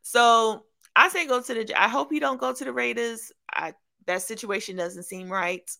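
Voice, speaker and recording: A young woman co-hosting a casual sports talk show, animated and laughing, often trailing off mid-thought. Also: a little high, normal speed, creaky. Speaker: sports podcast co-host. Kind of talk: casual sports debate chat.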